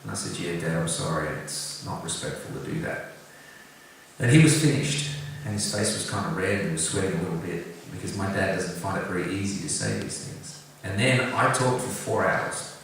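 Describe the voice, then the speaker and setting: Guy telling a heartfelt story, earnest and a bit jokey, lowish voice, far from the mic in a big echoey room. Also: a little fast, noisy background. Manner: earnest, direct, gently humorous. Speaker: singer-songwriter talking about his song. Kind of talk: heartfelt personal storytelling to an audience. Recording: echoey room, picked up from a distance, faint background ambience.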